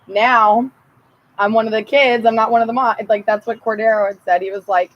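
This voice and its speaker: A woman's voice: a little high, fairly even intonation, a little fast, muffled recording. A woman telling personal stories in a blunt, rambling and profane casual monologue.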